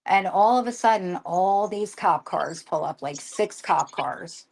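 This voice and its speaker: An older woman tells her family's story in an emotional live conversation, rushing and restarting as she quotes what everyone said. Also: on the low side, vocal fry. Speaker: guest.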